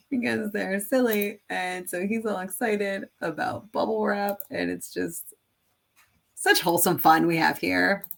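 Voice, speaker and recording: Woman, 30s, casual craft vlog chat, rambling, slow pace, gravelly fry. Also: mid-range voice, steady tone. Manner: chatty, rambling, laughs often. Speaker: craft video creator. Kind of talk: casual screen-recording chat.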